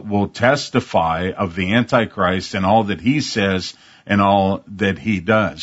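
Low-voiced preacher, dull recording. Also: male voice. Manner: earnest, emphatic, reads scripture aloud. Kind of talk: sermon.

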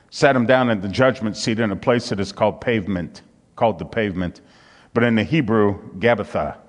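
A man preaching a sermon, reading scripture aloud and rising to fervent emphasis on his points. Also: medium pitch. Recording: long hall reverb.

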